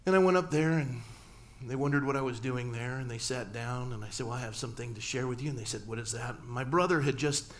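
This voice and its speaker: A man's voice: medium pitch, fast, hardly any pauses. A middle-aged man, a pastor, telling a personal story in a sermon and acting out family dialogue with humor. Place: church sanctuary.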